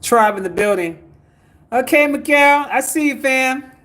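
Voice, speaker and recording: A man's voice: extremely high pitch, lively intonation, a little slow, a bit bright. A man hosting a spiritual livestream, reading out viewer comments and urging people to like, share and donate. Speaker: spiritual teacher.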